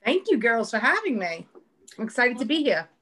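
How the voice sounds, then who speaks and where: A woman's voice: a little high, very animated, moderate pace, a bit bright. A woman in her thirties with a New York accent, a guest author chatting on a podcast, blunt and jokey, swearing freely. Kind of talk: casual podcast chat.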